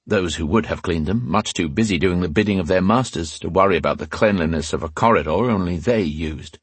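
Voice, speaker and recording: A man reading a fantasy novel aloud as an audiobook narrator, with a husky voice, voicing the dialogue with small shifts in pitch. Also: brisk, dry recording.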